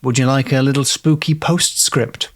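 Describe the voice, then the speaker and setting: A man's voice: mid-range voice, fairly even intonation, normal speed. A British man hosting a podcast, telling a spooky story in a playful, digressive way and reading old letters aloud.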